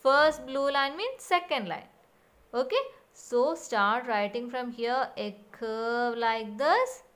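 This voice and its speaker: A woman's voice: a little high, slow pace, fairly bright tone. A woman teacher giving a recorded lesson for young children and repeating sounds and steps in a sing-song way.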